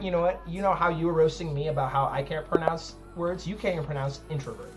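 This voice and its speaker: A man's voice: fairly high pitch, fairly quick, over music. Rambling man hosting a chess stream. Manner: rambling, heavy use of "like" fillers; joking, self-deprecating. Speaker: chess tournament streamer and host. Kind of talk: casual live-stream chat.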